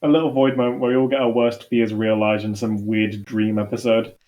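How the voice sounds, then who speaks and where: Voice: medium pitch, little pitch movement, brisk, warm tone, lo-fi sound. A tabletop game player chatting casually and joking, sometimes trailing off mid-thought. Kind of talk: casual chat among players.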